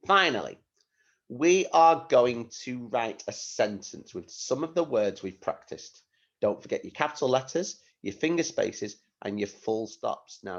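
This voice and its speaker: Man, primary teacher, slow and patient, lively sing-song pitch, spells words out, dull lo-fi audio. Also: vocal fry. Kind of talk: recorded phonics lesson for young children.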